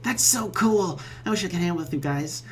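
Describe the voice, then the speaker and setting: A man's voice: sits high, expressive, brisk, fairly bright tone, soft background music. A man voicing a lonely, eager young male bee troll with a buzzy voice who apologizes and pities himself. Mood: dejected. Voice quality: buzzy accent. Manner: eager, apologetic, self-pitying.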